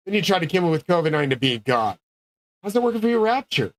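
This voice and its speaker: A man's voice: on the high side, expressive, quick pace, dry recording. A man delivering a rambling solo monologue, ranting in a profane, grandiose way. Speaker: streamer.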